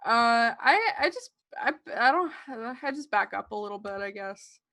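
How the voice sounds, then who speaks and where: A woman's voice: on the high side, lively intonation, normal speed, pushed and bright, dry recording, clean studio sound. A woman playing a tabletop game, talking in a hesitant, giggly way. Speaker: player. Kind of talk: casual tabletop game play.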